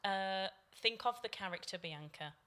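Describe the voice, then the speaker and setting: A woman co-hosting a radio talk show, telling animated stories that build to punchlines. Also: medium pitch, moderate pace. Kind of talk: casual chat.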